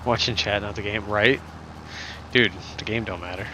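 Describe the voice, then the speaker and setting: A man's voice: fairly low pitch, fairly even intonation, unhurried, long pauses, sharp tone, a little hiss or hum. A man streaming and chatting casually with viewers, rambling and joking, with lots of "I mean" and "you know". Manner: rambling and joking, heavy fillers.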